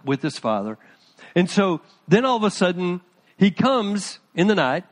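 A middle-aged man, a pastor, preaching a conversational sermon and talking to his congregation by name. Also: on the high side.

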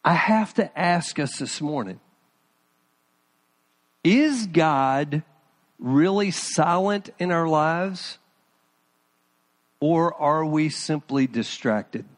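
A man's voice: a little high, animated, very slow, long pauses. A middle-aged man, a pastor, preaching a conversational sermon and talking to his congregation by name.

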